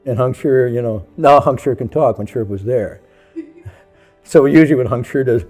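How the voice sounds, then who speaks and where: Animated male monk telling a story. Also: mid-range voice, normal speed, pauses often, soft background music. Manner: animated, acts out the people in his story. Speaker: Buddhist monk. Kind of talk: storytelling talk.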